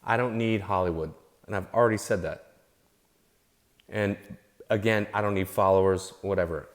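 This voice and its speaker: A man's voice: lowish voice, normal speed. A man ranting unscripted to his followers, heated and profane, repeating himself and restarting his phrases as he gets worked up. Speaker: vlogger. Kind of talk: unscripted angry rant to camera.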